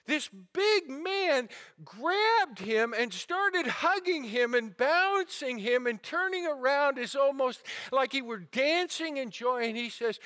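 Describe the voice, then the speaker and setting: Bright, high-voiced storytelling pastor. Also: male voice, lively intonation, measured pace. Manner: dramatic storyteller, rising and falling intensity; drops to a hushed, somber tone. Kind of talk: sermon storytelling. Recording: sermon audio recording.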